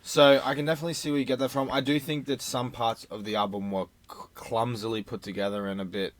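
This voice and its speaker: A man's voice: mid-range voice, flat delivery, fast, no room sound. A young man co-hosting a podcast album review, talking hesitantly with many "um"s. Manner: hesitant, with frequent "um" and "uh" between thoughts. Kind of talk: casual podcast chat.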